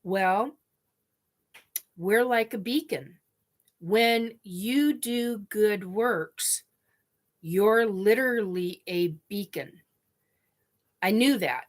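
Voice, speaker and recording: Woman vlogger crying thru her story, slow and halting, lots of restarts and sniffles. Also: mid-range voice. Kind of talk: emotional personal storytelling. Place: her living room, TV on.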